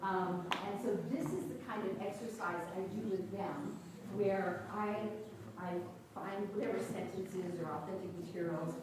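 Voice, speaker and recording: A woman's voice: medium pitch, moderate pace. A woman leading a teacher-training workshop, chatty with many fillers, recorded in a large classroom. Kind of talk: workshop presentation. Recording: echoey room from far off, noisy.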